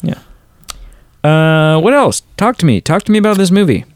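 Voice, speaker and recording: A man's voice: a little high, animated, normal speed, no echo, studio quality. A man co-hosting a casual movie podcast, rambling with lots of fillers and restarts. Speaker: podcast co-host.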